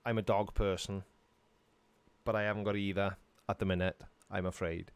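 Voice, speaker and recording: A man's voice: deep voice, little pitch movement, moderate pace, smooth, no room sound. A middle-aged man, casually answering viewers' questions on a live stream in a dry, sarcastic way. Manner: dry, sarcastic, self-mocking.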